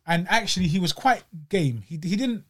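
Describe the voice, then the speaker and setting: A man's voice: high-pitched, expressive, normal speed, a bit bright, a little hiss or hum. A man with a London accent, co-hosting a podcast and critiquing a boxing match in casual, slangy chat. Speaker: podcast co-host.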